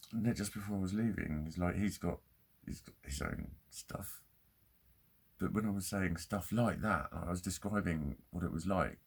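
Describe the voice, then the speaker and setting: Gravelly low-voiced man, swearing a lot. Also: darkish tone. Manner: heavy swearing, ranting, candid. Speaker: vlogger. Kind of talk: confessional monologue.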